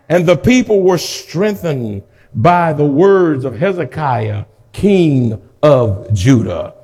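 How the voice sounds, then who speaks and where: A man preaching a sermon, reading scripture slowly and then shouting exhortations, urging the congregation to repeat after him. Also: high voice. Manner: swings from slow quiet reading to loud shouts.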